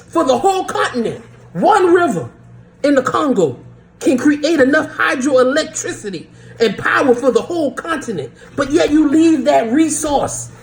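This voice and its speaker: A vlogger delivers an impassioned, urgent rant to camera in a high voice, repeating himself, often stumbling over repeated words and laughing through his lines.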